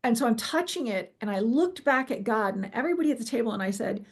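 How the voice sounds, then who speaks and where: In an interview, a middle-aged woman with a gravelly, somewhat high voice recounts her near-death experience. She tells it animatedly, acting out what people said, with plenty of ums and restarts.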